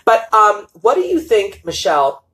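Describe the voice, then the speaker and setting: A woman's voice: medium pitch, very animated, moderate pace, fairly bright tone, low-quality recording. A woman hosting a live-streamed interview, enthusiastic and affirming, laughing often as she talks. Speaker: host.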